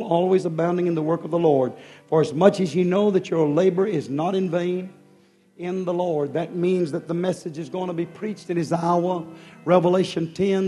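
A man preaching a fervent sermon in a rhythmic style, often dropping suddenly soft. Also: high-pitched.

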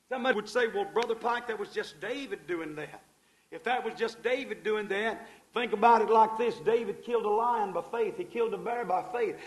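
A man preaching a sermon in a fervent, folksy way, swinging between loud passages and hushed ones and calling his listeners folks. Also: high-pitched, low-quality recording. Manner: folksy, addresses the audience as folks.

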